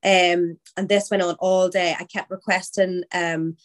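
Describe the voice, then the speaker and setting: Woman guest, candid chatty storyteller, voice sits a bit low. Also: little pitch movement, a little slow. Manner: candid, chatty, quotes her own thoughts aloud. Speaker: podcast guest telling her birth story. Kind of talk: casual storytelling chat.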